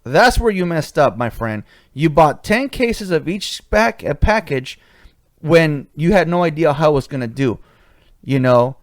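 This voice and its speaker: A man hosts a podcast and tells a swaggering story, cursing freely and in no hurry. His voice sits fairly high for a man. The sound is dry and close, with almost no room. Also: lively intonation, a little slow, no room sound. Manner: profane, swaggering anecdote-telling. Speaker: podcast host. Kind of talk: casual storytelling.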